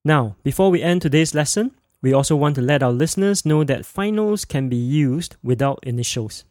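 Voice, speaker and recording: A man hosting a podcast language lesson, modeling sounds slowly and clearly for listeners to repeat. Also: fairly high pitch, expressive, a little mellow, no room sound, clean studio sound. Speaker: language teacher and podcast host.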